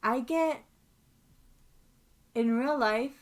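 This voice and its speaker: A woman co-hosting a casual podcast chat, talking in a chatty way that gets animated when she rants and laughing often. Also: on the high side, very slow. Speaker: podcast co-host.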